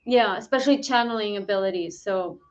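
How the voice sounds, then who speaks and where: Measured woman astrologer, lo-fi audio. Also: mid-range voice, a crowd in the background. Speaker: astrologer and co-host. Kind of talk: astrology commentary.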